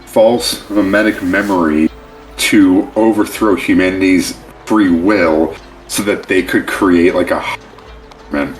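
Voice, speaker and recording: A man's voice: sits low, fairly even intonation, slow, soft background music, poor audio. A man co-hosting a casual podcast chat, dropping dry, wry quips. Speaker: podcast co-host.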